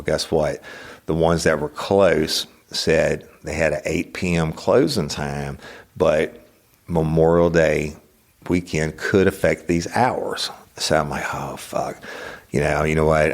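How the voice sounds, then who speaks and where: A middle-aged man with an extremely low voice tells a personal story on his podcast. He talks bluntly and swears freely, and he gets animated as the story builds. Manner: blunt, profane, animated retelling. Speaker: podcast host. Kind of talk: casual storytelling monologue.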